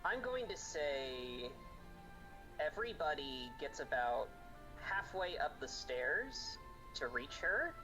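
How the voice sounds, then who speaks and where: In a slightly high voice with big pitch swings, a man acts as game master for a tabletop game, narrating and calling rolls without hurrying. His speech is full of ums and restarts, over faint background music and poor audio.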